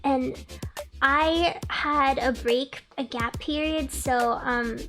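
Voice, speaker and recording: A woman's voice: sits high, steady tone, slow pace, a bit bright, faint music behind. A young woman VTuber telling a long story to her stream chat in a chatty, rambling way and breaking off to thank viewers. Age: young adult. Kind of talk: casual livestream storytelling.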